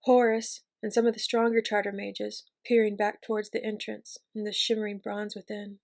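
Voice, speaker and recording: A woman reading a fantasy novel aloud in an even, measured narration. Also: mid-range voice, creaky. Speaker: reader. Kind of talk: audiobook reading.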